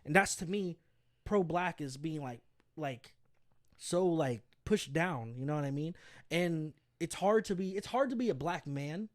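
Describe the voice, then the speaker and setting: A man's voice: on the high side, lively intonation, measured pace. A young man co-hosting a podcast in casual chat, talking earnestly and often repeating words while he thinks. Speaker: podcast co-host.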